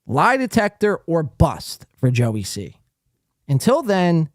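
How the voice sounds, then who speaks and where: His fairly high voice swings hugely in pitch as he speaks slowly, hosting a live podcast. Reading chat comments aloud, he rants at a viewer with profanity, confrontation and taunts; the recording is dry and studio quality.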